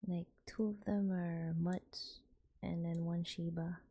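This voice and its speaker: A young woman streamer, softly whispering and giggling as she chats to her viewers in an ASMR stream. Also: lowish voice, fairly even intonation, slow, breathy edge, highs cut off.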